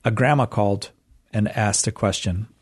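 Middle-aged guy hosting a call-in radio show, kinda low voice, lots of ums and uhs, jumps up in pitch when he gets into it. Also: moderate pace, slightly rough. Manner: hesitant, many fillers, rises in pitch when animated. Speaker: radio host. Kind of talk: casual radio chat.

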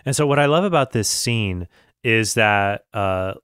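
Man, commentator, smooth dry close voice, casual and thoughtful. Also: lowish voice, animated, measured pace, fairly bright tone, dry recording. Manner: thoughtful, with fillers and self-corrections. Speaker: commentator reviewing a film.

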